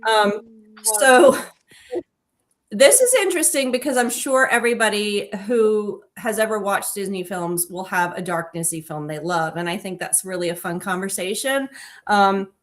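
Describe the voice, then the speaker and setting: A woman who is an author co-hosts a casual film discussion podcast, sounding enthusiastic and digressive and often correcting herself mid-sentence. Her voice is mid-range and her speed normal.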